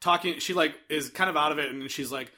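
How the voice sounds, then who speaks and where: A man's voice: fairly high pitch, fast talker, bright, forceful tone. A young man co-hosting a casual movie-review chat, acting out quotes in exaggerated voices and laughing often. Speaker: podcast co-host.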